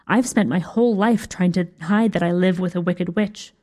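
A woman's voice: on the low side, normal speed, darkish tone. A woman narrating a first-person fantasy story with wry humor. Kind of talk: scripted narration.

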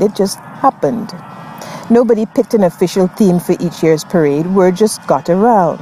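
A woman narrating a first-person fantasy story in a wry, expressive way. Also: on the low side, a little hiss or hum.

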